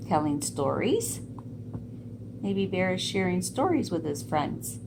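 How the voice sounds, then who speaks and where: A woman reading a picture book aloud to children, pausing to ask gentle questions about the pictures. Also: on the low side, very animated, creaky, background noise. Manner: gentle, asks listeners questions. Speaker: storyteller.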